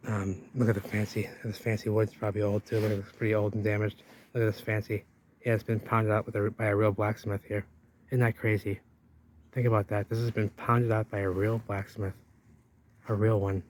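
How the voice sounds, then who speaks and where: A man's voice: on the low side, little pitch movement, fairly quick, a little mellow, a little hiss or hum. A man narrating an exploring vlog outdoors, rambling to viewers while he walks and points things out. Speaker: vlogger. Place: outdoors by a river wall.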